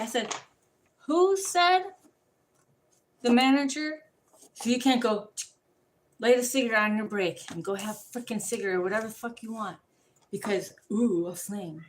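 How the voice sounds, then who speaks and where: A woman ranting casually to the camera, profane and rambling, telling animated stories. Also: medium pitch, moderate pace, long pauses, a little hiss or hum.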